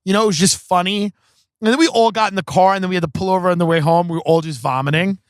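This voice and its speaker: A man's voice: sits high, fairly even intonation, racing, no echo, studio quality. A man hosting a podcast, telling comic stories in a casual, profane, rambling way full of "like". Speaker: podcast host. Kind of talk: comedic storytelling.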